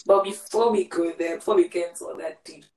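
A woman's voice: fairly low pitch, steady tone, fast talker, darkish tone, far from the mic. Teasing young woman in an echoey room. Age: young adult. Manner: teasing and bossy in a joking way. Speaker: podcast co-host. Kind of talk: casual chat. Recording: echoey room, away from the mic.

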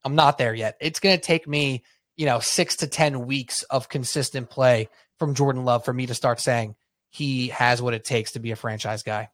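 A man co-hosting a sports podcast, chatting casually and telling rambling, animated stories. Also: medium pitch, normal speed, dry recording. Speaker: podcast co-host.

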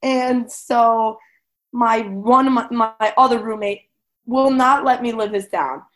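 A woman's voice: a little high, takes it slowly, fairly bright tone. Giggly young woman chatting on a podcast. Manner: bubbly, giggly, peppered with "like". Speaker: podcast co-host. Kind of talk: casual chat.

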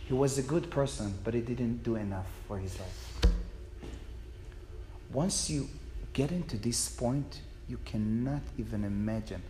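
A man's voice: mid-range voice, unhurried, pauses often, dark tone, reverberant, long reverb tail, slight background noise, rough recording. A man, a rabbi, telling a personal story in a passionate, emotional way.

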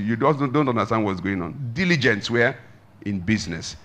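A man preaching a sermon as a pastor, emphatic, with big swings in pitch and loudness and slow drawn-out emphasis. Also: animated.

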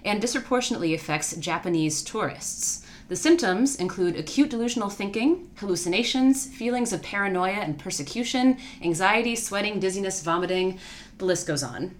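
A woman's voice: mid-range voice, lively intonation, brisk, slight background noise. A woman co-hosting a casual chat, presenting a researched topic in a wry, playful way and laughing often. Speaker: podcast co-host.

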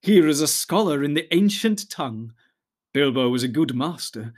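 A grave, wise elf lord of great age, as a man reads him aloud, drawing out his words in slow, solemn cadences. The voice sits a little higher than a plain reading voice and carries an air of ancient dignity, like a figure from a storybook. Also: expressive. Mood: stately. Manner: slow, stately, solemn speech.

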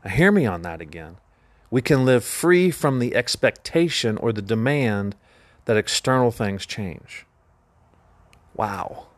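A man's voice: fairly low pitch, animated, measured pace, no room sound. Earnest man teaching on a dry podcast. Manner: earnest, emphatic preaching delivery. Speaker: podcast host.

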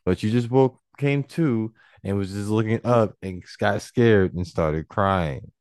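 Very low-voiced man, teasing cross-examiner. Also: unhurried, a little mellow, clear, resonant tone, dry recording, clean studio sound. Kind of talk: casual podcast chat.

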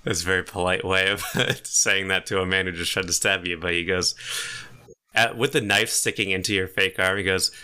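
Guy gm narrating the game, real bright sharp voice, kinda low. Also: steady tone, normal speed, clear, resonant tone. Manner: laughs often while narrating. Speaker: game master.

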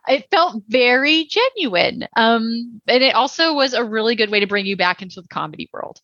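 A woman co-hosts a podcast with a bright, forceful voice, chatting casually about a show. She rambles, hedges and fills with "like" and "you know." The recording is dry and a little dull. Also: on the high side, animated, moderate pace, no room sound. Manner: chatty, rambling with many fillers. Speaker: podcast co-host. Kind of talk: casual TV review chat.

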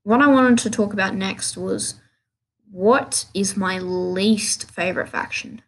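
A woman's voice: medium pitch, a little slow. A woman hosting a casual solo gaming podcast, rambling and restarting her sentences in an offhand way. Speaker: podcast host.

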